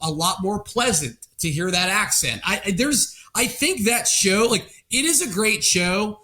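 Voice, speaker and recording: A man's voice: sits high, lively intonation, a little slow, sharp tone. A man from Oklahoma co-hosting a podcast, playful and rambling in casual chat. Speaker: podcast co-host.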